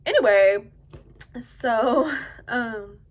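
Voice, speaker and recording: Soft-spoken woman rambling through a story. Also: a little high, expressive, very slow. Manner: often drops to a hushed, quiet delivery. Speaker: vlogger telling her own story. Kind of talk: casual storytime vlog.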